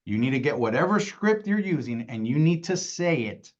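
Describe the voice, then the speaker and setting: A man's voice: medium pitch, big pitch swings, normal speed, highs cut off. A man leading a sales training, speaking emphatically and often asking "right?" to his listeners. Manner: emphatic, repeats "right?" and "y'all". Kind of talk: insurance sales training talk.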